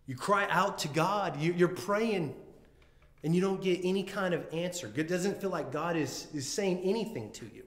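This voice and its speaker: A pastor preaching a sermon in an earnest, conversational way, often restarting and acting out heartfelt quotes. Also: male voice, on the high side, normal speed. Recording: echoey room.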